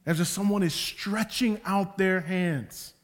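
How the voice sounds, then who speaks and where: Preacher with a high voice in a long-echoing hall. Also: male voice. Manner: swings from quiet and slow to loud and emphatic. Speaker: pastor. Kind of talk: sermon.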